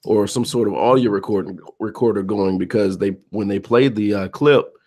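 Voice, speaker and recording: A man's voice: fairly low pitch, normal speed, darkish tone. A man co-hosting a casual talk show, laid-back and laughing often. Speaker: podcast co-host. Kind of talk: casual chat.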